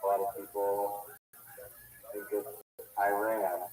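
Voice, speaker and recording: A man calling in to a livestream, chatting casually with halting, hesitant phrasing. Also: fairly low pitch, fairly even intonation, a little mellow, poor audio. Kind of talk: casual chat.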